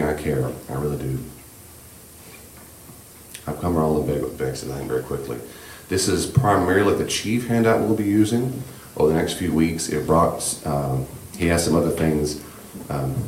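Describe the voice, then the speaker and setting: A man leading a church class on grief, speaking in a gentle, reassuring, conversational way with many fillers. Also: very deep voice, echoey room, a little hiss or hum. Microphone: room microphone.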